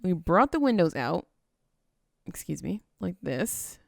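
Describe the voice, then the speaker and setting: A woman's voice: on the low side, very animated, slow, creaky, no room sound, clean studio sound. A woman casually narrating her building game, chatty and playful, talking to herself as she works. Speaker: gaming video host.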